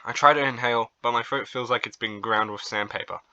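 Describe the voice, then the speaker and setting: A young man reading a visual novel aloud as its narrator, then breaking into excited, flustered reactions. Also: mid-range voice, brisk, dry recording, highs cut off.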